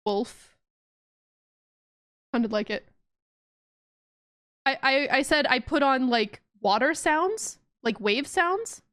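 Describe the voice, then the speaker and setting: Young woman game streamer, high voice, unhurried and giggly, dry close sound. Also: lively intonation, a bit bright, clean tone, dry recording. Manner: giggly and playful, often laughing. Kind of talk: casual gameplay commentary.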